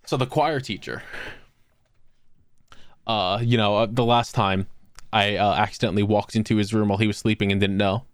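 A man's voice: lowish voice, moderate pace, long pauses, clean tone, no room sound, studio quality. A young man telling funny stories on a podcast, joking and acting out what people said. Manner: joking, animated storyteller acting out quotes. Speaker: podcast co-host. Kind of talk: casual storytelling.

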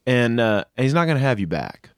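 A man's voice: mid-range voice, very animated, brisk, smooth, dry recording, clean studio sound. A man and father co-hosting an advice talk, earnestly telling a personal story with many fillers. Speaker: co-host, a father.

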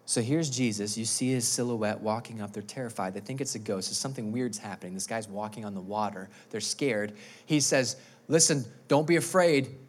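A male pastor who preaches an animated, emphatic sermon and often repeats words. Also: on the low side, brisk, hardly any pauses.

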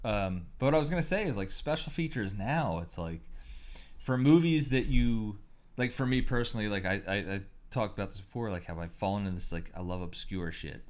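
Man, low voice, casual podcast chat, rambling, animated storytelling, swears a lot. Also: brisk. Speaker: podcast co-host.

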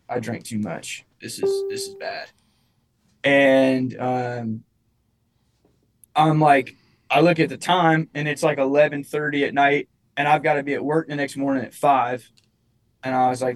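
A young man on a talk show recounts a personal story in loose, casual chat. He rambles, restarts his sentences and leans on fillers, in a middle-pitched voice. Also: low-quality recording. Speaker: musician guest.

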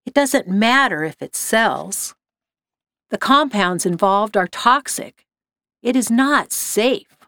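A woman's voice: mid-range voice, lively intonation, takes it slowly, pushed and bright, no room sound, studio quality, full character voice. A woman voicing a stern male factory worker. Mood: firm. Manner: firm, refusing.

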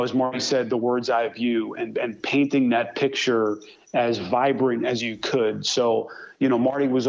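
A man in his forties, a sportscaster guest, telling stories in a relaxed interview and sometimes mimicking his old mentor. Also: medium pitch, gravelly, highs cut off. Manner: animated storyteller who imitates his old mentor. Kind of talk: conversational interview storytelling.

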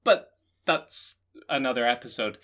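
A Scottish man co-hosting a podcast, riffing through jokes in a deadpan, rambling way. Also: mid-range voice, unhurried. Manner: deadpan, rambling joking riffs. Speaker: podcast co-host. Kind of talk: comedic casual chat.

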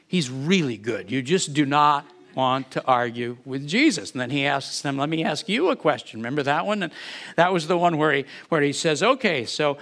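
A man's voice: a little high, normal speed, fairly bright tone. A man preaching an expository Bible sermon, acting out the quoted lines and asking rhetorical questions.

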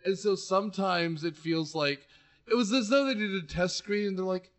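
Guy on a movie podcast, kinda high voice, jokey, rambly. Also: normal speed, fairly bright tone. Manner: joking, rambling. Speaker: podcast co-host. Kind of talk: casual movie discussion.

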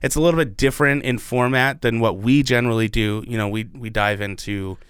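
A man's voice: medium pitch, fairly quick, a bit bright, clean tone, dry recording, studio quality. A young man co-hosting a podcast in casual chat, rambling with restarts and the odd swear word. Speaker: podcast co-host.

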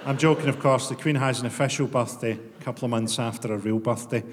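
A Scottish man with a Glaswegian accent doing a stand-up comedy set, deadpan and profane, with sudden bursts of mock outrage. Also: mid-range voice, fast talker. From Scotland. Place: comedy venue with audience laughter. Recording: long hall reverb, clear ambient noise.

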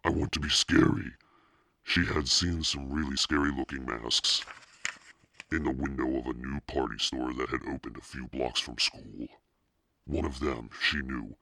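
A man with a very low, gravelly voice reads a children's book aloud in a casual way. He breaks off now and then to remark on the text. The sound is dry and close. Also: sharp tone, no room sound. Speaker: reader.

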